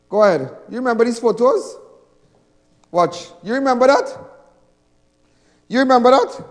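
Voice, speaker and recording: A Trinidadian man giving a fiery political rally speech in a large hall, emphatic, mocking and repeating his points. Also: extremely high pitch.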